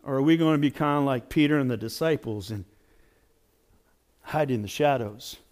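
A man pastor preaching a sermon in an animated, conversational storytelling way. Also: medium pitch, normal speed.

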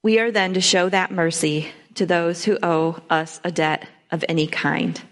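A woman's voice: on the low side, fairly even intonation, unhurried. A woman giving a church sermon, reading scripture aloud and then explaining it in plain everyday words with frequent ums. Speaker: lay speaker.

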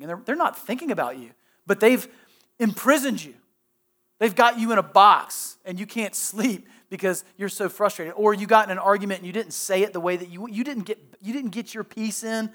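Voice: mid-range voice, fairly quick, fairly bright tone. A pastor preaching a sermon in a conversational way, asking the listeners direct questions and often restarting and repeating phrases.

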